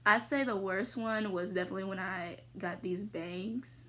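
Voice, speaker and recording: A young adult woman vlogger answers viewer questions in casual chat, rambling with lots of fillers and breaking into sudden high squeals. She speaks at a moderate pace with a sharp tone.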